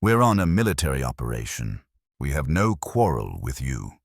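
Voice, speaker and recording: A man's voice: very deep voice, very animated, moderate pace, vocal fry, no echo, studio quality, heavily acted. A man voicing a stern Second World War submarine captain who speaks in clipped, commanding orders in a scripted horror story. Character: stern WWII submarine captain, steady under pressure.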